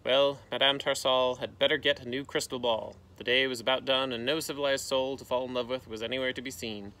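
Bright-voiced man reading a storybook. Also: mid-range voice, a little fast. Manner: lively voices for characters, gentle sign-off. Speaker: teacher reading aloud. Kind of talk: storybook read-aloud. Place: outdoors in a canoe.

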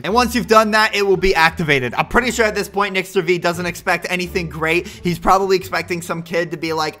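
Excitable male gaming host, high and bright, jokey prankster commentary over faint music. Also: fast talker. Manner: excitable, laughs often, playful prankster. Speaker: gaming YouTuber. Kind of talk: casual gameplay commentary.

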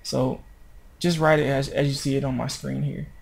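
A man's voice: mid-range voice, flat delivery, normal speed, creaky. A man narrating a screencast tutorial on web design, explaining step by step in an informal way and correcting himself as he goes.

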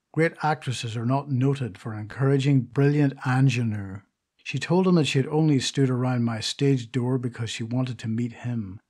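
A man reading the part of a vain, indignant stage actress in an audiobook, telling her tale in a gossipy, confiding way with a husky voice. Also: medium pitch, darkish tone, lightly acted. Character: vain grand stage actress, middle-aged woman.

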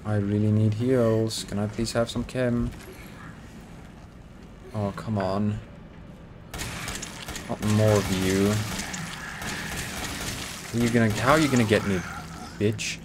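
A man giving excitable let's-play commentary, swearing, joking and pleading with the game as he plays. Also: lowish voice, takes it slowly, pauses often, noisy background. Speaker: gaming YouTuber.

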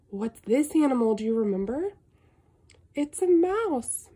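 Slow sing-song woman reading a picture book. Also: a little high, slightly rough. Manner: slow, sing-song, animated with gasps and animal sounds. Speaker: storybook reader.

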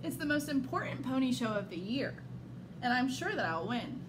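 Woman doing a boastful, sneering pony, lively and high-pitched. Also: moderate pace, noisy background. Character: jealous sneering female pony, vain.

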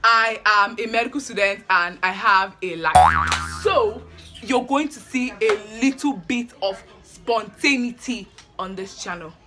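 A woman's voice: medium pitch, big pitch swings, measured pace, sharp tone, soft background music. A young woman in her twenties, a medical student, chatting in a hyper, dramatic vlog, repeating herself and out of breath. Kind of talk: excited casual vlog chat.

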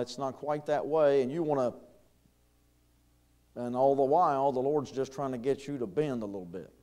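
A man's voice: medium pitch, mellow, smooth. A middle-aged man, preaching a conversational sermon in a church, with chuckles and fillers. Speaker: pastor. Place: church sanctuary.

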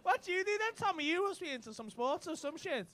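A man's voice: very high voice, sing-song, quick pace, pushed and bright. A man doing cheeky, sweary crowd work as a stand-up comedian in a comedy club. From England. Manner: cheeky, sweary banter with the audience. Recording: live club recording with crowd noise.

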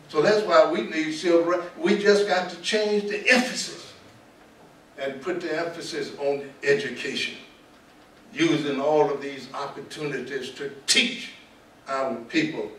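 An older man with a Southern US accent, a pastor speaking to students in a preaching style, repeating key words and slowing down for stress. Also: mid-range voice, a bit bright. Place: large auditorium. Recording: echoey hall, distant mic, light noise.

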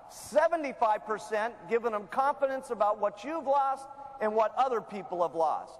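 High-voiced, energetic man training salespeople. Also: long reverb tail. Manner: energetic, emphatic, salesy, checks in with "okay?". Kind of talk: motivational business training talk.

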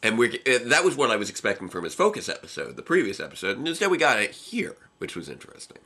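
A man's voice: fairly low pitch, sing-song, quick pace, sharp tone, slightly rough. A young man co-hosting a casual reaction chat, rambling and restarting his sentences and laughing often. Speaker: co-host reviewing episodes.

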